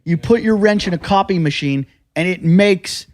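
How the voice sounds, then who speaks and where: Male podcast host, high voice, excitable and profane storyteller. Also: moderate pace. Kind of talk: casual podcast chat.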